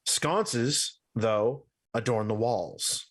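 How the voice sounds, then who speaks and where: A man acting as game master, slowly describing a scene with fillers as he goes. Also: mid-range voice. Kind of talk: narrating a tabletop game.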